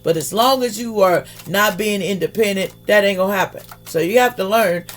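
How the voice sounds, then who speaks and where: A man's voice: high voice, brisk, fairly bright tone, faint music behind. A man giving a casual tarot reading, emphatic and preachy, often repeating his phrases. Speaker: tarot reader.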